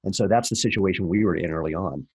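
A man in his fifties, a guest on a podcast interview, talking in a wry, animated way with fillers and restarts. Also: sits low, fast, husky. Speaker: entrepreneur guest.

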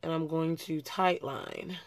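A young woman, a beauty vlogger, chats casually through a makeup tutorial, talking as she works and frequently correcting herself. Her voice is low and steady, her pace measured, and there's no echo.

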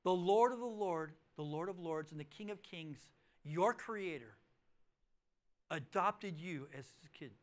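A high-pitched male pastor in middle age delivers a sermon in a church auditorium. He tells his story with swings between loud, pressing emphasis and quiet, hushed lines. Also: measured pace. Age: middle-aged.

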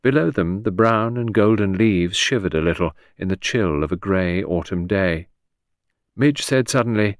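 Man reading an old detective novel, low voice, dry close sound, small voice changes for the characters. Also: lively intonation, normal speed, no room sound. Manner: reads the characters' lines with small shifts of voice. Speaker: audiobook narrator. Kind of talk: scripted narration.

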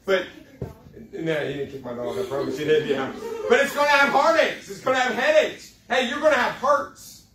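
High-voiced preacher in an echoey hall. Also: male voice, lively intonation, recorded from a distance, crowd noise. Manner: folksy, joking, preaching with dramatic slow emphasis. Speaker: youth pastor. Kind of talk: sermon. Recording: echoey room, speaker away from mic.

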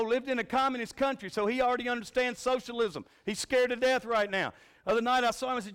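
A man preaching a revival sermon in a church, telling folksy stories and swinging from shouts to a hushed voice. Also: very high voice, steady tone, quick pace, clear, resonant tone. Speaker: pastor. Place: church sanctuary.

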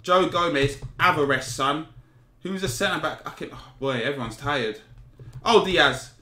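A young man commentating his own football video game, animated and easily exasperated, full of slang. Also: a little high, measured pace. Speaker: gaming YouTuber. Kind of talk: excitable gameplay commentary. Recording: roomy sound with game music. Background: video game music and sound.

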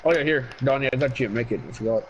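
A man streaming a video game and chatting casually with friends, swearing and trash-talking excitably. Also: medium pitch, rapid-fire, muffled recording, over a noisy crowd. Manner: profane, excitable trash talk. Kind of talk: casual gaming chat.

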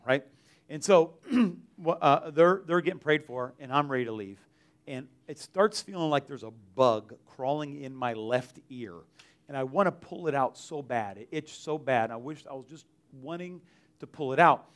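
A man tells a church testimony in a loose, conversational way. He restarts sentences and leans on filler words as he talks. His voice sits somewhat high for a man. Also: normal speed. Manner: rambling, filler-heavy, many "like"s and restarts. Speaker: mission trip team member giving testimony. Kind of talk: church testimony, casual storytelling. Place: church service.

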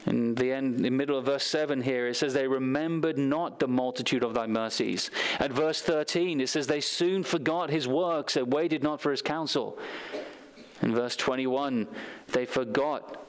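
A male pastor delivers a sermon in a smooth, resonant voice. He reads scripture passages aloud and weaves in stories from his own life. His pitch sits in an ordinary middle range for a man. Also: steady tone, moderate pace. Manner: preaching with scripture readings and personal anecdotes. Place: church sanctuary.

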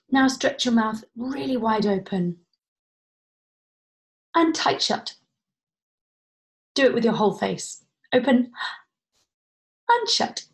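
A woman, a vocal coach leading a guided vocal warm-up at home, playful and encouraging. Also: mid-range voice, creaky. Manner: encouraging, playful instruction with demonstrated sounds. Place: home, indoors.

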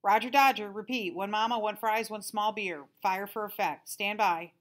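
A woman's voice: medium pitch, fairly even intonation, normal speed, pitched above the performer's own voice, natural voice. A woman voicing a chatty male drive-in intercom voice with slangy radio-talk lingo. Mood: breezy.

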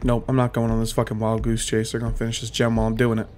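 A man's voice: mid-range voice, completely flat delivery, rapid-fire, a little mellow, slight background noise. A man giving live gameplay commentary, taunting and trash-talking his opponents with plenty of swearing. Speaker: gaming streamer.

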